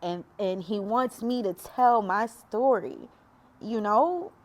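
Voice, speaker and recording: A woman's voice: medium pitch, takes it slowly. A woman sharing a personal faith testimony, emotional and preachy, often talking straight to her viewers. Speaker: faith vlogger.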